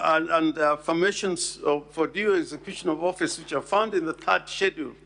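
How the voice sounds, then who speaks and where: A man with a fairly high voice gives a formal address to a Senate hearing. He speaks at an unhurried pace, weighing each phrase and leaning hard on the words he wants to stress. There is a gravelly, creaky edge under his voice. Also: a bit bright. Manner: slow, deliberate, emphatic, stresses key words.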